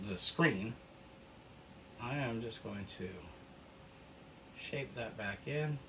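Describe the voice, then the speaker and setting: A man's voice: fairly low pitch, slight background noise. A man leading a paint-along oil painting lesson, talking in an easygoing way as he works, often half to himself. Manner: slow, easygoing, talks to himself while working. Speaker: painting instructor. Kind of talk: relaxed paint-along tutorial.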